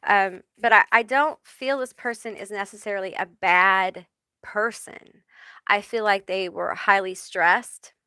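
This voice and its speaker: A woman medium speaks slowly and hesitantly, often stopping to ask "okay?". Her voice is bright and smooth, recorded dry and close. She reassures listeners as she relays spirit messages. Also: medium pitch, dry recording. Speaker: tarot reader and medium. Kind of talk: channeling spirit messages live.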